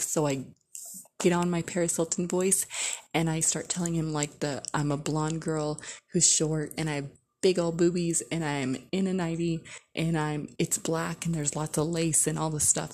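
Husky-voiced woman telling a candid story. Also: low voice, steady tone, normal speed, darkish tone. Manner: candid, profane, heavy use of "like". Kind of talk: casual storytime monologue.

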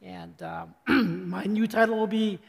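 An older man giving a chatty, joking sermon as a pastor, his voice slightly hoarse and often interrupted by throat clearing. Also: high-pitched, fairly even intonation, measured pace, in a large hall.

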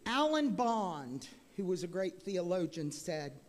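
A woman preaching a sermon as guest speaker into a handheld microphone, moving between chatty asides and fervent, loud preaching. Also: fairly low pitch, very animated, takes it slowly. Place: church sanctuary. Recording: long hall reverb in a church.

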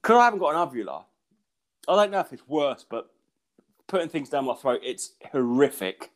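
A man's voice: on the high side, sing-song, normal speed. A young man co-hosting a podcast, telling rambling, swear-filled stories while groggy and unwell, often laughing mid-sentence. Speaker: podcast co-host. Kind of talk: casual chat.

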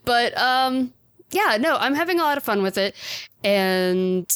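A woman's voice: on the high side, lively intonation, a little slow, a bit bright, clear, resonant tone, no room sound, clean studio sound. A woman hosting a podcast, chatting enthusiastically and often breaking into laughter. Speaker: podcast host reviewing anime. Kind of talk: casual chat.

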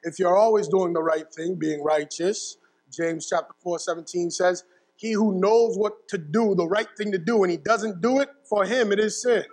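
Young pastor guy with a high voice, preaching, chatty asides, long echo like a big church hall. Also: moderate pace, a little mellow. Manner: storytelling with asides and repeated "right?". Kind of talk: sermon.

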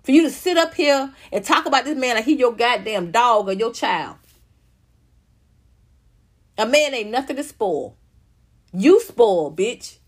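A woman host, giving brash, profane celebrity gossip commentary in an animated storytelling way. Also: a little high, a little slow, long pauses, breathy edge. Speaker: channel host.

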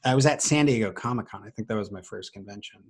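A man's voice: fairly low pitch, fast, breathy edge. A middle-aged man, a voice actor, telling a story in casual chat and acting out the quoted voices. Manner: animated, acts out quoted voices. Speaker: voice actor guest.

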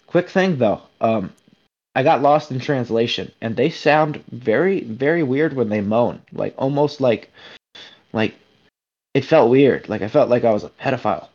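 A man's voice: medium pitch, lively intonation, moderate pace, darkish tone, dull audio. A man guesting on a podcast, telling crude stories in a brash, rambling way. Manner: brash, profane, rambling storyteller. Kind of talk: crude casual chat.

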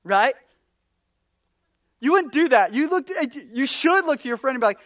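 High-voiced animated young-sounding preacher. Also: male voice, normal speed, long pauses, no room sound. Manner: animated storyteller, acts out quotes, drops to near-whispers. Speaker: pastor. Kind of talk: casual sermon.

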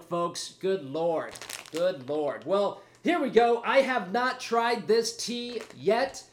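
This solo podcast host talks in an unhurried, high-pitched voice, somewhat winded, rambling and poking fun at himself. A faint hiss or hum sits under the recording.

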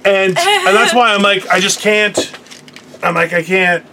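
A man's voice: sits high, very animated, a little slow, background noise. Crude, self-mocking man telling stories. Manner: acts out quoted voices. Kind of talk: casual comedic chat.

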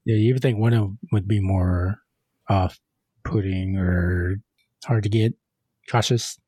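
Male podcast co-host, husky and low-pitched, dry and low-key. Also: fairly even intonation, takes it slowly, mellow, no room sound. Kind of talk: casual movie discussion.

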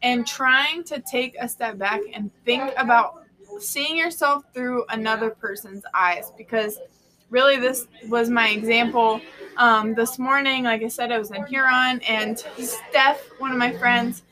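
Bubbly bright-voiced woman hosting a live chat. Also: fairly high pitch, steady tone, unhurried, low-quality recording. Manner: bubbly, chatty, laughs often. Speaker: host. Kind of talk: casual live-stream chat.

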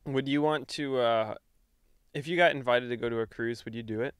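Smooth-voiced young man telling rambling stories. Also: a little fast, dry recording, clean studio sound. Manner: rambling storyteller, lively swings in pitch. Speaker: podcast co-host. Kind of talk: casual chat.

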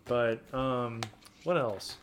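Young male podcast host, playful and jokey, mid-pitch. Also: extremely slow, a little hiss or hum. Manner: joking, laughs often, playful sing-song riffs. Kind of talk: casual chat.

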